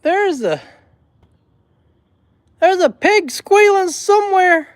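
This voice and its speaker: A man with an extremely high-pitched voice chats slowly and animatedly on a livestream from indoors at home, with no echo. This homestead vlogger rambles to his viewers and laughs often.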